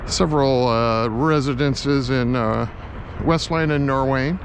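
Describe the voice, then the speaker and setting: A man narrating a casual vlog as he explores an old industrial site, musing and halting with many fillers, from a helmet-mounted camera. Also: mid-range voice. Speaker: vlogger exploring a historic site. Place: outdoors near rail lines and traffic. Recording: outdoor noise, traffic. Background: clear street and vehicle noise.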